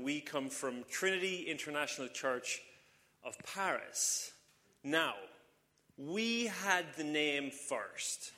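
A man's voice: on the high side, big-room sound. Joking British man addressing a congregation. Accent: British English. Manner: joking, chatty and lively. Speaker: visiting church speaker. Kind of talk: casual talk to a congregation. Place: church service in front of a congregation.

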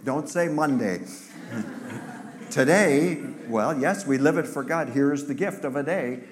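A pastor preaching an Easter sermon, animated and teasing, talking back and forth with his congregation. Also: on the high side, slow pace, background noise.

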